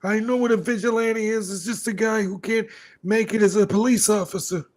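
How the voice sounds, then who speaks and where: Man doing a high, strained, taunting cop; pushy and condescending. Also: steady tone, brisk. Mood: sneering. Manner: taunting, bullying, needling. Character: sneering male police officer, condescending.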